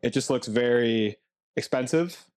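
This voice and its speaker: A man's voice: mid-range voice, unhurried, darkish tone, smooth. A man co-hosting a casual trailer reaction chat, joking and laughing often, with trailing restarts. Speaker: co-host.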